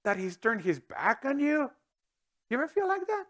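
A middle-aged man preaching a sermon in a high, light voice. He talks in an animated way, throws rhetorical questions at his listeners and breaks into sudden loud outbursts. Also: moderate pace. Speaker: pastor.

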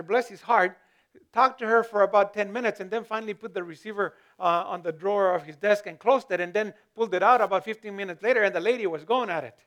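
A man's voice: high voice, fairly bright tone. A male pastor giving a conversational sermon, often repeating words as he searches for them and lifting his voice for emphasis.

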